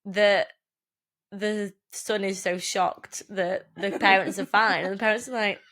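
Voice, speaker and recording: A woman, co-hosting a casual podcast chat, blunt and sweary and quick to laugh. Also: mid-range voice, fairly even intonation, fairly bright tone. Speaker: podcast co-host.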